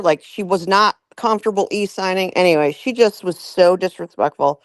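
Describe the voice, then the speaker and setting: A woman's voice: on the low side, normal speed, few pauses, dry recording. A woman real estate agent telling a client story on a group video call, acting out what each person said. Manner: animated retelling, acts out quotes.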